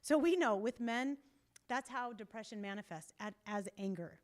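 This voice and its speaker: A woman couples therapist talking to a group in a church meeting, animated and emphatic, laughing now and then as she acts out quotes. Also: a little high, normal speed. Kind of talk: casual talk to a group.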